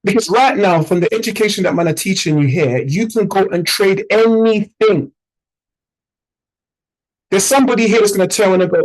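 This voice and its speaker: A man's voice: sits high, moderate pace, low-quality recording. A man with a British accent, a trading mentor giving an emphatic, conversational motivational talk to a group, often checking in with "yeah?". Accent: British English.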